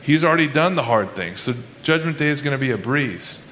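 A man's voice: mid-range voice, lively intonation, fairly quick, fairly bright tone, slight background noise. A male pastor giving a casual, conversational sermon, often restarting his sentences and acting out people's inner thoughts in quoted asides. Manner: conversational preaching with frequent restarts.

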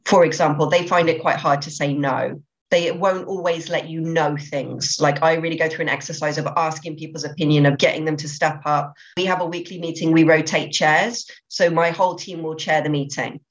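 Casual: low-pitched woman on a podcast, eager, keeps restarting her words, kinda dull lo-fi sound. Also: steady tone, brisk. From England. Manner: enthusiastic, many restarts and repeated words. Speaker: podcast guest, business owner. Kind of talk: podcast interview. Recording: slightly dull lo-fi audio.

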